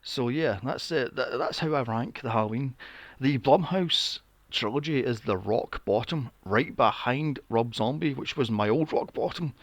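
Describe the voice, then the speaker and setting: A man's voice: medium pitch, measured pace, no room sound. A man hosting a podcast, ranting about films in a casual, exasperated and profane way. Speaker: podcast host. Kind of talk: casual film review rant.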